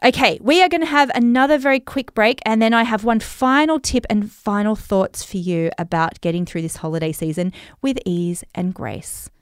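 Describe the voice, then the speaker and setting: A woman's voice: medium pitch, normal speed, few pauses, smooth, no room sound, studio quality. A woman with an Australian accent hosting a podcast, giving encouraging coaching tips and affirmations in a casual chatty way. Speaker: podcast host.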